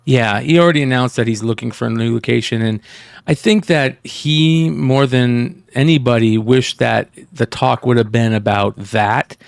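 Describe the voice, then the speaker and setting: A man's voice with a gravelly, fry-edged texture and a mid-range pitch, recorded dry and close. He hosts a casual podcast chat, talking bluntly and with plenty of profanity, sounding exasperated. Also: fairly even intonation, normal speed, no room sound. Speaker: podcast host.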